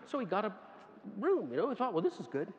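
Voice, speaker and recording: A man preaching a sermon, telling a lively story and acting out the people in it with bursts of laughter. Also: high-pitched, normal speed. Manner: animated, laughing storyteller who acts out quoted voices. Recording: dull, echoey hall sound with faint ambience.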